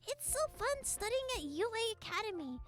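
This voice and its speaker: A woman voicing an excitable anime schoolgirl classmate who gushes and drops Japanese words into her talk. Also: very high voice, moderate pace, faint music behind, pitched above the performer's own voice, full character voice. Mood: giddy.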